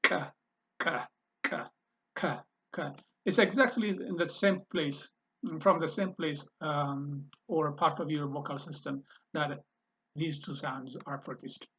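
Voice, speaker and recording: A man teaching a language lesson, repeating each word several times and pausing to think with fillers. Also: a little high, a bit bright, husky. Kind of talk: slow spoken language lesson. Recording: slightly dull, lo-fi sound.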